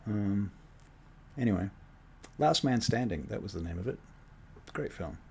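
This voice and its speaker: A man's voice: on the low side, unhurried, slight background noise. A man running a tabletop game as game master, casual and joking. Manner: relaxed, joking, many fillers.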